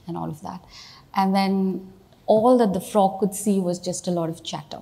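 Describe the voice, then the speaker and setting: Woman giving a lowish, chatty keynote. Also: fairly even intonation, moderate pace, creaky, dark tone. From India. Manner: conversational, story-telling, leans on "you know" and "right?". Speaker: keynote speaker, CEO. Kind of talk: keynote speech.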